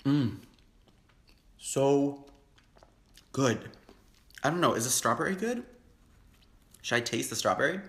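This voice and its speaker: Young male mukbang host, excitable and chatty, mid-pitched, roomy echo. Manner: chatty, excitable, frequent hums of enjoyment. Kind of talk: casual chat while eating. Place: home, indoors.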